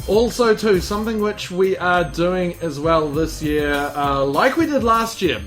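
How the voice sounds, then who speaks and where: A man chatting on his podcast, his voice sitting a little high and ringing bright. He rambles and restarts sentences, wired on caffeine, while soft music plays faintly in the background. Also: expressive, a little slow. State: buzzing on caffeine. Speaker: podcast host. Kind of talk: casual chat.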